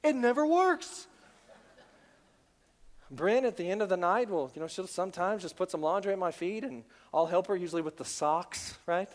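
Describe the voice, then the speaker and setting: A male pastor preaching a sermon, swinging from loud emphasis down to hushed near-whispers. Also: high voice, animated, normal speed. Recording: long reverb of a large hall.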